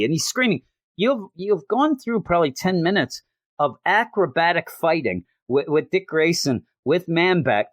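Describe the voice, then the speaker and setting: Lively, incredulous comic show host. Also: male voice, on the high side, no room sound. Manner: incredulous, exasperated, jokey. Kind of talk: casual comic recap with acted quotes.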